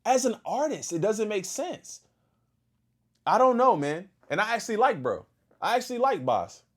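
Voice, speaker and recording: A man hosting a casual reaction stream, talking back to a video and shouting out his chat. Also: high-pitched, normal speed. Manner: animated, talks back to the video and thanks chat.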